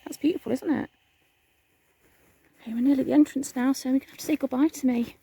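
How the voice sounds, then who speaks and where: A woman's voice: high-pitched, fairly even intonation, quick pace, vocal fry, dark tone, slightly rough. A woman vlogging a night ghost hunt in a cemetery, often whispering and calling out to spirits. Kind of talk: hushed vlog narration.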